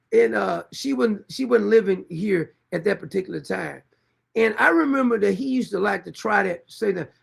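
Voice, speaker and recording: A man's voice: high-pitched, moderate pace, creaky, breathy edge. A middle-aged man, hosting a livestream and bluntly scolding commenters in a confrontational, repetitive way. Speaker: show host.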